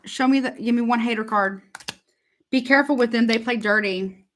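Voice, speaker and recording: A woman's voice: on the high side, moderate pace, fairly bright tone, slight background noise. A woman giving a casual live tarot reading, chatty and repetitive, calling her viewers honey. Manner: chatty, repeats herself, calls viewers honey. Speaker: tarot reader.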